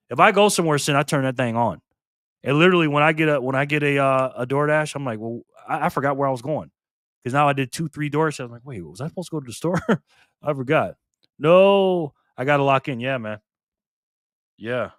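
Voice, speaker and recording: An older man hosting a casual live stream, reading comments aloud in a chatty, excitable way. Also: medium pitch, no room sound, studio quality. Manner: chatty, excitable, laughs often.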